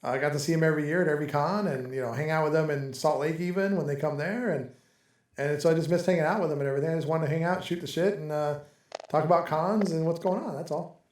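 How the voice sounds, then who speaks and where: A man's voice: on the high side, fast, roomy sound. A man hosting a casual chat among friends, talking in a loose, rambling way and laughing often. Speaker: podcast host. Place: home in Texas.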